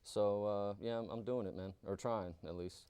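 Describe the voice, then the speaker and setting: A man's voice: on the low side, fairly even intonation, normal speed, warm tone, smooth, no echo. A man and stand-up comedian, first answering interview questions, then doing a profane, rambling, self-mocking set in a small comedy venue on a handheld mic. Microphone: handheld stage mic.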